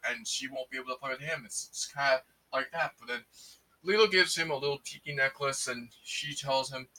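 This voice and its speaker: A man excitedly recapping a movie in casual, rambling speech full of fillers and restarts. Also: mid-range voice, fairly quick, far from the mic, low-quality recording. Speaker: movie reviewer.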